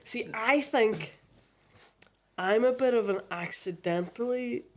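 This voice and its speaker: A woman's voice: a little high, slow, a little mellow. Chatty, self-mocking woman. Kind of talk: casual podcast chat.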